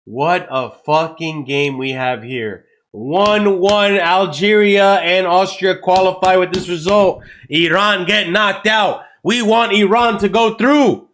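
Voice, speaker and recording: A man hosting a live football watchalong stream, excitable and swearing a lot, with loud outbursts at big moments. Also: high-pitched, slow pace, few pauses. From United States. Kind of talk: live match reaction stream.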